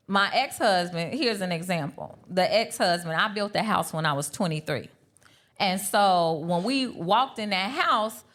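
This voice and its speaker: A woman's voice: lowish voice, fairly bright tone. A woman co-hosting a live podcast panel, telling a personal story in an earnest way and repeating her points for emphasis. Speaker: podcast co-host. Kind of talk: candid chat at a live brunch panel.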